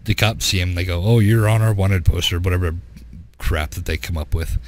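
A man's voice: deep voice, fairly quick, a little hiss or hum. A man hosting a podcast, casually telling a rambling story and laughing often as he goes. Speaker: podcast host.

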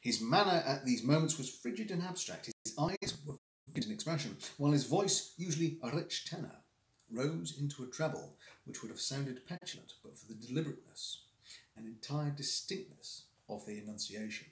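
Man reading a story aloud with lively expression. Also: mid-range voice, fairly quick. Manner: expressive reading, stumbles over hard words. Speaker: streamer. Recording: roomy echo.

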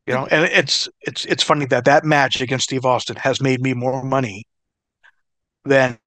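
A middle-aged former pro wrestler tells stories in a casual interview, swearing freely, animated and laughing as he goes. His mid-range voice runs at a normal speed on a dry recording.

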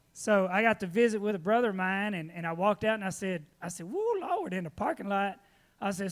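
A man preaching in a church, his voice sitting high for a man. He spins folksy stories with a laugh. Then he moves on to plain church announcements. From Texas. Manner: folksy storytelling, animated, laughing often. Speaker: pastor.

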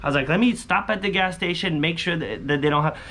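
A young man chatting through a scratch-off lottery vlog, repeating catchphrases and breaking into high excited yells. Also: fast. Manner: bursts into high shouts and sing-song yells when winning; chatty, repeats catchphrases like "holy smokes" and "booyah". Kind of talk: casual excited vlog commentary.

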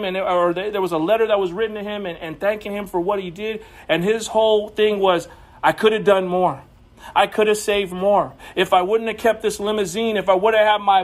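High-voiced man preaching a conversational sermon. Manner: conversational storytelling, often repeating words. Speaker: pastor. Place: church.

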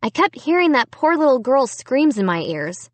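Woman audiobook narrator; dramatic, animated first-person storytelling, fairly high voice. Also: normal speed, no room sound. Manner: expressive, dramatic reading.

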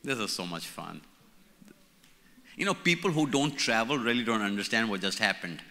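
Bright-voiced older Indian man in a hall. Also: fairly low pitch, expressive, moderate pace. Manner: playful, repeats key words for emphasis. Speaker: conference speaker. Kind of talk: church leadership conference talk. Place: large conference hall. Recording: reverberant hall.

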